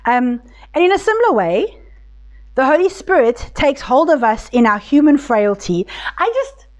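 A woman's voice: sits high, big pitch swings, moderate pace. A woman teaching a Bible study group in a casual, conversational way, with many restarts, speaking tenderly when voicing God. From South Africa.

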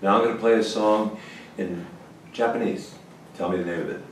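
Guitar teacher, male, folksy and lively, very roomy sound, mic set well back. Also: fairly low pitch, normal speed, distant mic. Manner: folksy, lively, bursts into exclamations. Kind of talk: informal guitar lesson.

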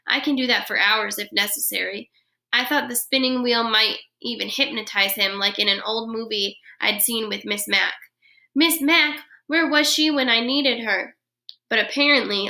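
Bright-voiced woman reading a children's story. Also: fairly high pitch. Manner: expressive storytelling. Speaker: first grade teacher. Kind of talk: reading a children's chapter book aloud.

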